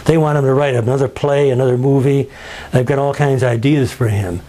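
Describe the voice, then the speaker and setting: A man's voice: mid-range voice, steady tone, fairly quick, dark tone. A man guiding visitors through a story with emphatic, dramatic telling, acting out the people he quotes and asking rhetorical questions. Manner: dramatic, acts out quotes in changing voices. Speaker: museum guide. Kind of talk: storytelling talk.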